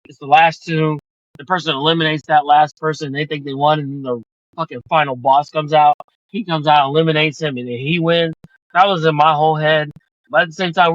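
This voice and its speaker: Male podcast host, raised voice, swears a lot, excitable recap, dull dry home recording. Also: a little high, no room sound. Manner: excitable, profane storytelling. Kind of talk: casual chat.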